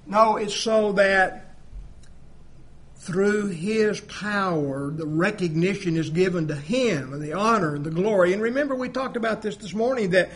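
A man preaching a sermon, emphatic, swinging between loud appeals and quiet asides, asking rhetorical questions. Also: high-pitched, a little slow, husky. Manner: emphatic, rising and dropping volume, rhetorical questions.

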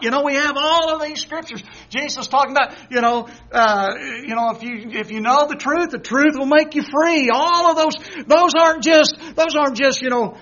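A man with a very high voice preaches a sermon, often dropping to quiet, low asides and then climbing into loud, excited exhortation. He acts out quoted voices and chuckles between points. The recording sounds dull and lo-fi. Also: moderate pace, few pauses. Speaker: pastor.

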